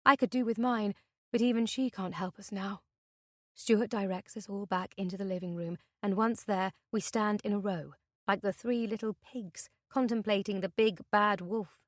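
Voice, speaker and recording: A woman reading a thriller audiobook in the first person, with a tense, measured delivery. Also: medium pitch, steady tone, no echo, studio quality. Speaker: audiobook narrator. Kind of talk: scripted narration.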